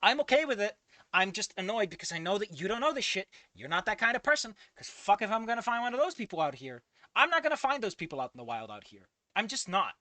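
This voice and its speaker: A man's voice: sits high, sing-song, fast, pushed and bright, no room sound. A man giving casual commentary on a fan fiction he reads aloud, ranting in a profane, exasperated way.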